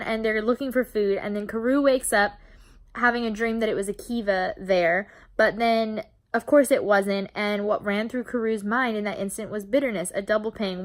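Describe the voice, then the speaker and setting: A woman's voice: fairly high pitch, fairly bright tone. A young woman casually recapping a novel for her book channel, chatty and openly emotional, swearing now and then. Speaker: book vlogger.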